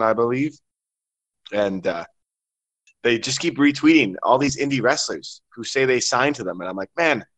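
A man hosting a casual wrestling podcast, talking in an excited, chatty way. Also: on the low side, dry recording. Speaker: podcast host.

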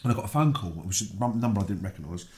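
A British man, a guest, telling a story in casual conversation, animated, acting out the voices he quotes. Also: racing. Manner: animated, acts out quoted voices with big pitch jumps.

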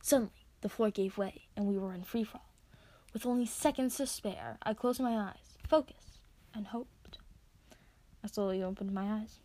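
A woman reading her own story aloud, expressive as she narrates. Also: mid-range voice, moderate pace. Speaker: reader.

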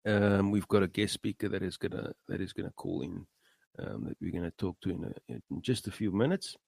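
A man's voice: low-pitched, expressive, fairly quick, creaky, a little mellow, husky, no echo. A man hosting a show, giving an earnest motivational talk full of fillers and repeated words. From South Africa. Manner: earnest, rising emphasis on key phrases. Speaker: podcast host. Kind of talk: motivational monologue.

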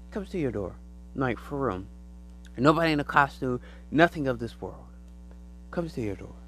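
A man's voice: medium pitch, a little hiss or hum, rough recording. A man hosting his own podcast, telling a loose story in casual slang. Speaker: podcast host. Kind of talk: casual solo monologue.

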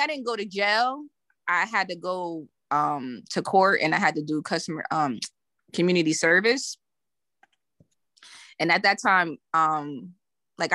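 A woman spins a story in loose podcast banter, her tone bright and a little sharp. She laughs often and slips into the voices of the people she quotes. The sound is close and dry. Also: on the low side, no room sound. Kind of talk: casual storytelling.

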